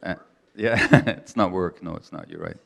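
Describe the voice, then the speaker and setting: A man in his seventies from Hungary, hosting a live event and giving halting closing remarks with many restarts. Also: sits low, vocal fry, a bit bright. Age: 70s. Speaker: event host.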